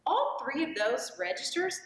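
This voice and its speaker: A woman voice teacher explains vocal registers slowly, singing short vowels to show each register. Her speaking voice sits fairly high and swoops widely in pitch. She sounds set back from the mic in an echoey room with a long reverb tail. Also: very animated. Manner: demonstrates sung vowels across registers. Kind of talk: vocal lesson. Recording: roomy echo, voice from far off.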